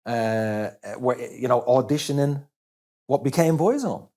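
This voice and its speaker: A man from Ireland with an Irish accent, a guest telling stories in casual chat, lively, with many restarts and self-corrections. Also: mid-range voice, unhurried. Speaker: interview guest. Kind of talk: casual anecdotal storytelling.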